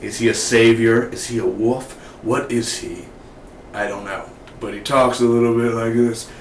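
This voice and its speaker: A man giving a casual, excitable TV review, rambling and asking his viewers questions, recorded in a roomy space from a distance. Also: mid-range voice, moderate pace. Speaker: TV show reviewer. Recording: roomy, distant mic, faint noise.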